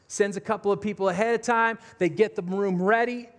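A man's voice: high voice, steady tone, brisk. A man preaching a sermon, retelling a story vividly and speaking directly to his listeners. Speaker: pastor. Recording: long reverb of a large hall.

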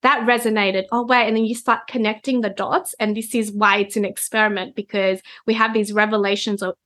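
A woman's voice: mid-range voice, little pitch movement, a little fast, fairly bright tone. A woman, a guest reader, explaining concepts in a conversational chat and often checking in with "right?". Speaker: Human Design reader, guest.

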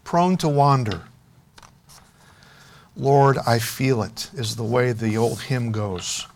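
A man preaching a sermon, telling a story and making an earnest, softening appeal to his congregation. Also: mid-range voice, slow pace. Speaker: pastor.

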